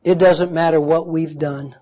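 A man preaching a sermon, telling a story slowly and earnestly with dramatic pauses. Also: on the high side, steady tone, highs cut off.

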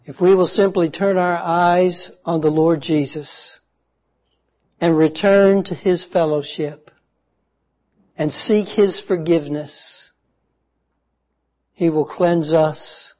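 A man preaching a sermon, telling a story slowly and earnestly with dramatic pauses. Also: on the high side, fairly even intonation, muffled recording.

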